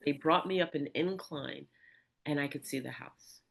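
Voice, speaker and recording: Podcast host, chatty animated storyteller, middle pitch. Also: moderate pace, vocal fry. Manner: animated storyteller, many restarts and asides. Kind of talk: storytelling in casual conversation.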